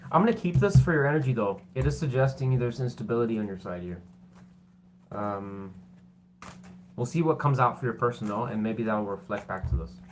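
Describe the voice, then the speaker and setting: A man giving a casual tarot reading, rambling and loose with many fillers, and quick to apologize and poke fun at himself. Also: medium pitch, expressive, a little mellow, slight background noise. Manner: self-deprecating and apologetic. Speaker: tarot reader.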